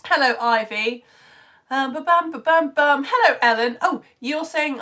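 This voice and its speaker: A woman with a fairly high voice reads out viewers' comments on a live lesson stream. She is bubbly and chatty and drops into whispered asides. Her throat sounds slightly strained. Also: fairly quick, a bit bright. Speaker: online science teacher.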